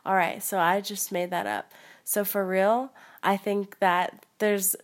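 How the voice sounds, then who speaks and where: A woman's voice: mid-range voice, steady tone, measured pace. A young woman guesting on a playful mock podcast, giggly, jokey and rambling. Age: young adult.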